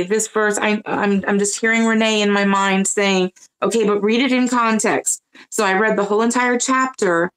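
A woman's voice: medium pitch, rough recording. A woman speaking earnestly as a panelist, sharing her personal faith story in casual chat, often restarting her sentences. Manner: earnest, searching, with many restarts.

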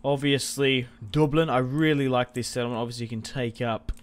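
A man's voice: mid-range voice, fairly even intonation, brisk. A young man giving casual, rambling commentary over a strategy game, restarting sentences and swearing freely. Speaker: gaming video host.

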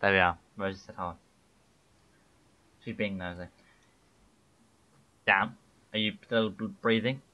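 A man's voice: on the low side, steady tone, measured pace, pauses often, lo-fi sound. A British man hosting his own game live stream, chatting casually and teasing playfully. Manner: playful, jokey, teasing banter. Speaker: livestream host.

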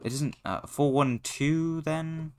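A young man giving foul-mouthed, excitable commentary while playing a horror game, yelling at what scares him. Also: a little high, takes it slowly, a little hiss or hum. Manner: swearing, excitable, shouting at the game. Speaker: gaming YouTuber.

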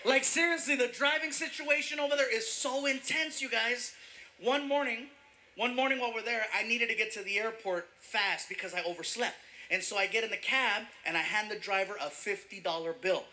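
Bright, high-voiced man telling stand-up stories. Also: brisk. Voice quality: animated, shouting punchlines. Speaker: stand-up comedian. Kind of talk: stand-up comedy storytelling.

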